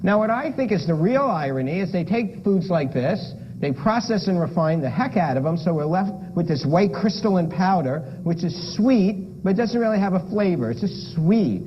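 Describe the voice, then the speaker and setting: A man with a high, very lively voice gives a playful lecture with props and keeps quizzing his audience. The recording is dull and lo-fi, with clear noise behind him. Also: normal speed, few pauses. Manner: playful, asks the audience questions. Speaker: lifestyle medicine lecturer.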